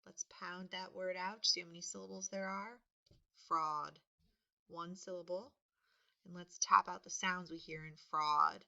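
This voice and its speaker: Woman teacher, slow patient spelling lesson, gravelly edge, dull lo-fi recording. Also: on the low side, fairly even intonation. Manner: patient, sounds words out and stresses them loudly.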